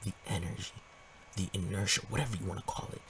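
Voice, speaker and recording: A man with a low voice gives a slangy, profane breakdown of a comic. He gets animated and then drops into whispers at the big moments. He sits back from the mic, and faint noise hangs under his voice. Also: fast talker, distant mic, poor audio. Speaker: manga commentator. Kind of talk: casual in-depth comic analysis.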